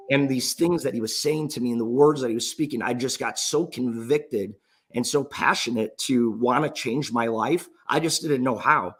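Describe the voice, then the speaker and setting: An entrepreneur in his thirties tells his personal story in a motivational talk, earnest and emotional, often restarting his sentences. His voice is medium-pitched and a bit bright with a breathy edge, delivered at normal speed.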